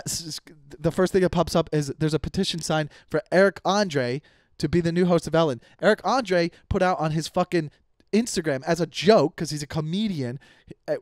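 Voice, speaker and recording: A young man rants on his comedy podcast in a slightly high voice, swearing freely and tripping over his own sentences as he restarts them. The sound is close and dry, with no room around it. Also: darkish tone, dry recording. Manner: profane, rambling with many restarts. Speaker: podcast host. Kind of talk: casual comedic rant.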